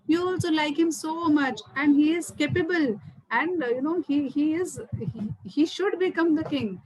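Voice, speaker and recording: A woman's voice: fairly high pitch, expressive, measured pace, a little mellow, a little hiss or hum, rough recording. A woman voicing an old king who pleads and repeats himself in desperation. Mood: pleading.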